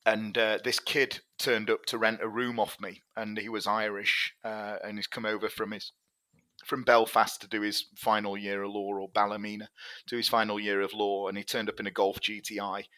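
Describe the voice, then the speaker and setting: A man's voice: on the low side, little pitch movement, moderate pace, sharp tone, dry recording. A man, a tech company chief, telling stories in a casual interview, rambling with lots of fillers. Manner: chatty, rambling anecdotes with many fillers. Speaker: tech CEO guest.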